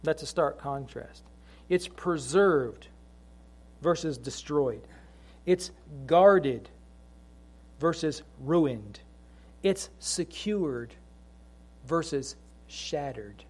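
A middle-aged man preaching a sermon to a congregation, mixing chatty family stories with slow, emphatic repeated lines from scripture. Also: a little high, lively intonation. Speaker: pastor.

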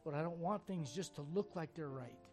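A man's voice: a little high, expressive, fairly quick, darkish tone, soft background music. Pleading male pastor in prayer. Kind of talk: closing prayer.

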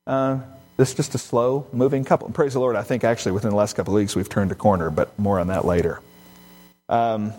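A middle-aged male pastor delivers a sermon in a mid-pitched voice. He tells stories, acting out the quoted dialogue and shifting between quick and slow phrasing. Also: darkish tone. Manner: storytelling, acts out quoted dialogue, varied pace.

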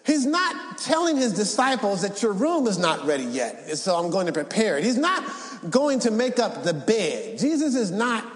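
A male pastor delivering a sermon, reading scripture aloud and rising into shouted emphasis. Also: high-pitched, big pitch swings, normal speed, roomy sound, big-room sound. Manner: preaching, rises to shouts, reads scripture. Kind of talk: Easter sermon. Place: church sanctuary.

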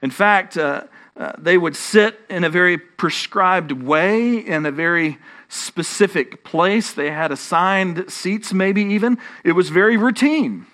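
Texan man, pastor, high pitched, emphatic preaching, restarts mid-phrase. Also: a little slow, fairly bright tone. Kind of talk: sermon.

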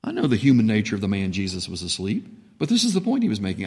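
A man preaching a sermon as pastor, impassioned, dropping to a hush and then rising to a booming voice. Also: wildly swooping pitch, quick pace. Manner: impassioned, swings between hushed and booming when voicing Jesus. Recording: reverberant hall.

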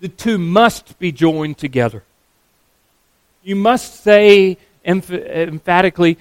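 A man preaching a sermon, earnest and emphatic, slowing down to stress key words. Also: high-pitched, no room sound.

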